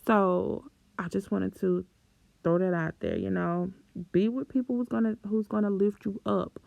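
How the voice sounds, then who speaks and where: A woman's voice: mid-range voice, fairly even intonation, normal speed, gravelly, dry recording, dull audio. A young woman vlogger giving self-esteem advice in a chatty, encouraging way, often breaking into laughter and playful exclamations. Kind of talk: casual advice talk to camera.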